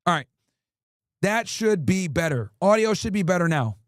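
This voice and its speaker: A man's voice: sits high, very animated, normal speed, dry recording, studio quality. A man hosting a livestream in casual talk, profane and ranting as he answers his chat. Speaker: streamer host.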